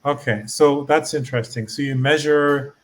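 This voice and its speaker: A man's voice: medium pitch, fairly even intonation, moderate pace. A man hosting a podcast as a learner, asking eager, curious questions and restarting his sentences as he thinks. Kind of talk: casual podcast chat.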